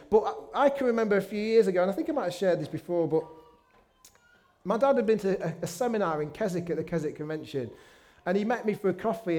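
A middle-aged man preaching a sermon in a church, conversational and warm-humoured with self-deprecating asides. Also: high-pitched. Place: church meeting room.

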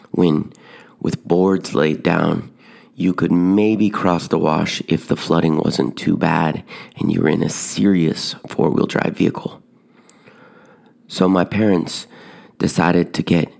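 A man casually telling a personal story on a podcast, building suspense with hushed moments. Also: sits low, creaky. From Tucson, Arizona. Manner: animated, drops to hushed whispers at dramatic moments. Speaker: podcast host telling stories.

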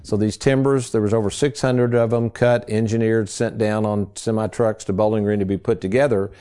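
A man's voice: on the low side, steady tone, moderate pace, dark tone, clean tone. A man, hosting a financial radio show in a casual, folksy storytelling way. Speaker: financial advisor and radio host.

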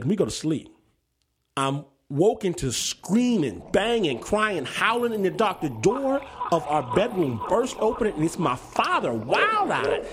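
Guy telling a wild story on a radio show, super animated, voice pitched a bit high. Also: slight background noise. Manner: vivid, dramatic storytelling. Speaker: host and storyteller. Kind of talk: personal story narration.

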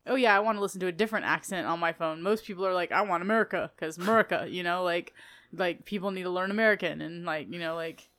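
A woman's voice: fairly low pitch, fast, fairly bright tone. Chatty woman podcast co-host. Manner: chatty, heavy use of "like", laughs easily. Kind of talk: casual podcast chat.

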